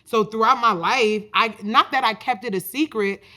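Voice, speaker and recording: A woman in her twenties hosting a podcast, telling a personal story in a chatty, animated way, full of "like". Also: a little high, normal speed. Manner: chatty, animated, many fillers like "like". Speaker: podcast host. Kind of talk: casual storytelling monologue.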